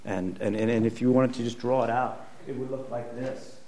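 A pastor giving a conversational sermon with emphatic repetition, speaking in a church. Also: male voice, mid-range voice, steady tone, normal speed, mellow. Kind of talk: sermon teaching.

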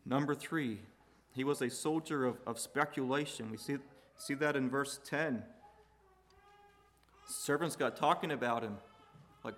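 A man's voice: medium pitch, a little slow, long pauses. Emphatic preacher man in a reverberant hall. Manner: rises to loud emphatic peaks, drops to quiet. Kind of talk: sermon.

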